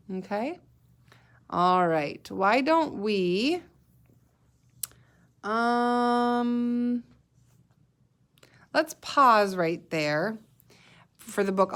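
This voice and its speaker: A woman's voice: mid-range voice, a bit bright. A woman teacher leading a guided reading lesson for young children, patiently sounding out letters and words. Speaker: elementary school teacher.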